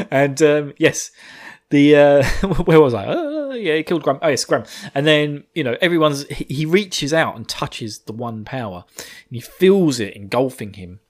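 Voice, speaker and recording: A man's voice: fairly high pitch, lively intonation, a little slow. Chatty man recapping a book. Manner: rambling, chatty, swears and laughs often. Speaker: book reviewer. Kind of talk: casual chapter recap.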